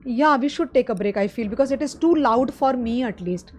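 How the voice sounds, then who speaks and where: A high-pitched woman with an Indian English accent teaching exam finance in a live online class. She explains each step plainly and keeps checking in with her students as "guys." Her voice sits well above most women's. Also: lively intonation, a little fast, a little hiss or hum. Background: loud drums of a street festival.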